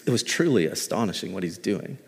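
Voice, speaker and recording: Husky-voiced pastor preaching in a hall. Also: male voice, low-pitched, a little fast. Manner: conversational, animated preaching with humor. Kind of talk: sermon. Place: church sanctuary.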